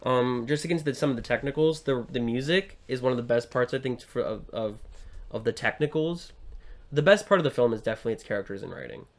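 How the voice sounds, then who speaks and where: A young man co-hosts a casual podcast and talks over a film. He rambles, fills gaps with ums and likes, and restarts his sentences. His voice sits in a middle pitch for a man. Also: fast. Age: young adult. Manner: rambling with frequent fillers and restarts. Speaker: podcast co-host.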